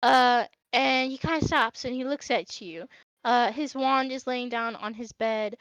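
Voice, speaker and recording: A woman's voice: on the high side, unhurried, fairly bright tone, dry recording, muffled recording. A woman narrating as game master of a tabletop game, hesitant and full of fillers.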